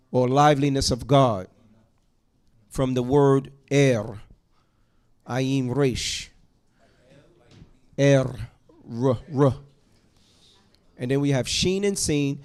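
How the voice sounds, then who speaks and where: A man teaching a Hebrew class to students in a classroom, going through the alphabet letter by letter in a slow, patient way. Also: mid-range voice, darkish tone.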